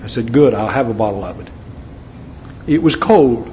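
A man's voice: mid-range voice, lively intonation, normal speed, warm tone. An American man preaching a sermon, mixing scripture readings with folksy asides. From United States. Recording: dull lo-fi recording with faint background noise.

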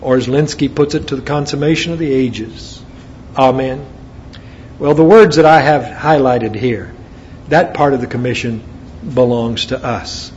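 An American man from the United States preaches a sermon, moving between scripture readings and folksy asides. His voice is medium in pitch, darkish in tone, and unhurried. The recording is dull and lo-fi, with faint noise in the background.

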